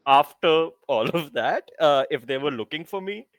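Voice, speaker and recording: A man's voice: on the high side, lively intonation, a little slow, no room sound, rough recording. A man playing a tabletop game, slipping into grandiose, boastful in-character bluster. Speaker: player.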